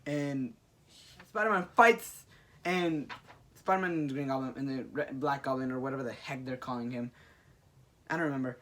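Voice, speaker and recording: A man on a podcast, casually retelling a comic storyline and acting out the characters' lines in excited bursts. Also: mid-range voice, normal speed. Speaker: podcast co-host recapping a comic. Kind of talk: casual chat.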